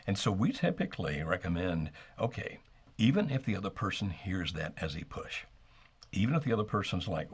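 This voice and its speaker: A man co-hosting a live call-in marriage advice show, calmly explaining what to do and acting out sample lines. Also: low voice, a little fast, breathy edge. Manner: calm, explanatory, acts out sample dialogue. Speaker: marriage coach co-host.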